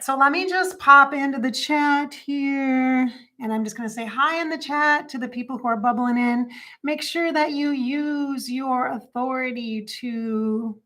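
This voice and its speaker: A woman's voice: fairly high pitch, a bit bright. A chatty, bubbly woman in her late forties hosting a casual livestream and sometimes breaking into song. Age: 40s. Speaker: psychic livestream host.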